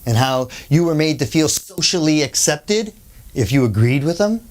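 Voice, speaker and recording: A workshop speaker at normal speed, with a mid-range voice, tells an anecdote as part of a storytelling lecture. It's conversational and full of asides, and the speaker brings the characters to life by acting out their voices.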